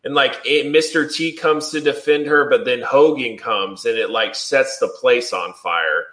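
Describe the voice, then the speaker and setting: A man's voice: mid-range voice, unhurried, a bit bright, roomy sound. A man co-hosting a casual podcast chat, rambling with lots of fillers. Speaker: podcast co-host.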